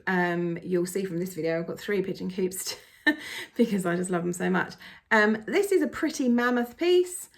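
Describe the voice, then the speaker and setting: A woman's voice: on the low side, creaky. A woman, a cross-stitch vlogger gushing enthusiastically through a casual show-and-tell.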